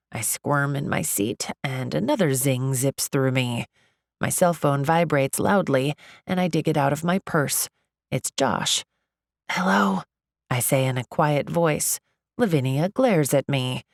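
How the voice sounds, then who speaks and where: A woman narrates a first-person romantic comedy audiobook in an expressive, confiding voice. Her voice is low with a gravelly edge. The recording is dry and close. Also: no room sound.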